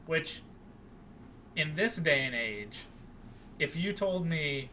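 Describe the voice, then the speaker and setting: A young man co-hosting a podcast, recapping a film in casual chat and acting out the characters' lines in an animated way. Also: fairly high pitch, slow pace, slight background noise. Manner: animated, acts out quoted lines with raised voice. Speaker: podcast co-host.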